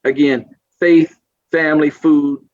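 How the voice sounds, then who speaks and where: A man's voice: fairly high pitch, little pitch movement, measured pace, darkish tone, highs cut off. Cajun man telling stories folksily. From South Louisiana. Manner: folksy, laughs often, acts out other people's voices. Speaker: podcast guest. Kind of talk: casual storytelling.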